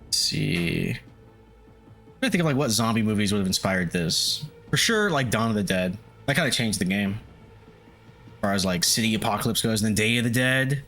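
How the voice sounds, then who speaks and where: A man's voice: fairly low pitch, fairly bright tone. A man chatting casually on a live stream, loose and profane, often chuckling as he sets up a game at home. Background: faint lo-fi music.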